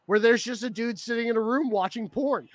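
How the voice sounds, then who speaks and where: A young man co-hosting a casual podcast, rambling and animated, often breaking into laughter. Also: extremely high pitch, brisk, no room sound. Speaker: podcast co-host. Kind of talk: casual chat about an anime.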